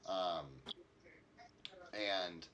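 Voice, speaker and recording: Guy running a tabletop game, rambly with tons of um and like, really bright voice. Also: deep voice, fairly even intonation, very slow, lo-fi sound. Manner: rambling, lots of fillers. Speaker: game master. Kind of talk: casual game narration.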